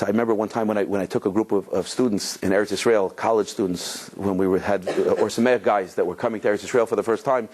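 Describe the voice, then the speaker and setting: A rabbi with a fairly low, slightly mellow voice gives a Torah lecture to a live audience. He tells stories conversationally, often restarting sentences and voicing quoted speakers, while mixing Hebrew and Yiddish terms into his English.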